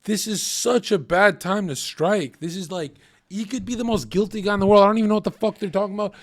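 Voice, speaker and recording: A man's voice: sits high, fast talker. A man streaming live, reacting to clips with profane, rambling commentary.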